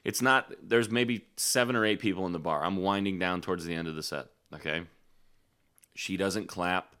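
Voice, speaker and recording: A gigging musician hosts a casual podcast, spinning blunt, animated stories about playing bar gigs and swearing freely throughout. His voice is low and smooth, moving at a moderate pace.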